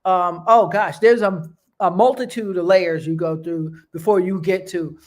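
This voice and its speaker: A woman's voice: lowish voice, steady tone, a little slow, few pauses, a little mellow. Encouraging woman talking straight to listeners. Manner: direct, encouraging, conversational with many fillers. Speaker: host. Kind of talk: casual motivational talk.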